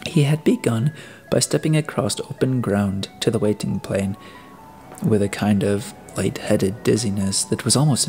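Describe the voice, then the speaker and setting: A man narrating an audiobook in a deliberate way, now and then restarting a phrase. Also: fairly low pitch, a little mellow. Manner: deliberate reading with occasional restarts. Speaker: audiobook reader.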